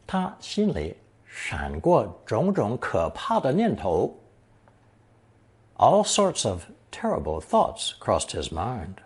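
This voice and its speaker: Slow, husky man teaching a lesson. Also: on the low side, huge pitch swings. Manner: slow and deliberate, reading example sentences and translating them. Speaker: language teacher. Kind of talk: scripted language lesson narration.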